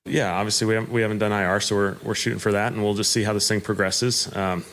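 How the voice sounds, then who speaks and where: A man speaking as a football coach at a press conference, measured and guarded. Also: lowish voice, flat delivery, fairly bright tone.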